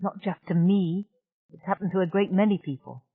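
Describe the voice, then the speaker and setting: A woman's voice: on the low side, normal speed, slightly rough, dry recording. A woman reading an audiobook, voicing a blunt, exasperated young woman who speaks frankly. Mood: wry. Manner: frank and irritable. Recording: dry, tinny narrow-band audiobook.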